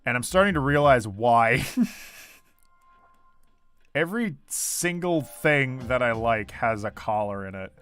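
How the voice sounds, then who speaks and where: A man's voice: medium pitch, moderate pace, clear, resonant tone, faint music behind. A young man casually chatting on a livestream as he draws, reading comments aloud and laughing often. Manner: animated, reads chat aloud, laughs often. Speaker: artist streaming his drawing. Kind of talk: casual livestream chat while drawing.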